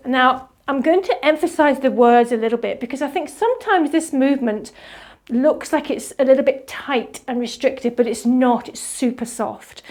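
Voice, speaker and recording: A woman leading a qigong movement class, giving soft, slow guiding instructions. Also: sits high.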